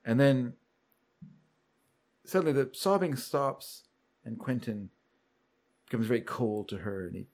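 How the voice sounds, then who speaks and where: Recapping a show's plot in a casual podcast chat, this male co-host speaks a little slowly at a medium pitch and pauses often. He tells the story with energy, performing the characters' lines along the way.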